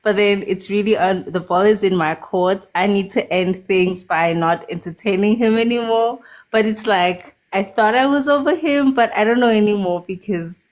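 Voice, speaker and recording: A woman's voice: medium pitch, moderate pace. A woman in her thirties calling into a live stream, rambling about her ex and laughing often. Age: 30s. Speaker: caller. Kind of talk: casual chat on a live stream call.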